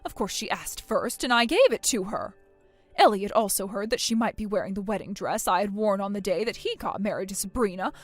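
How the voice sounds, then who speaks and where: A woman's voice: medium pitch, fairly quick, faint music behind, voice pushed down, natural voice. A woman voicing a stern, scolding middle-aged mother in a text-message drama, speaking in a cold, commanding way. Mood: proud. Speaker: voice actor.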